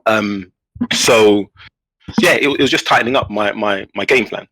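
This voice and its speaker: A man telling a story in a casual podcast chat, animated, with many restarts. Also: lowish voice, moderate pace, no room sound, rough recording. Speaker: guest player.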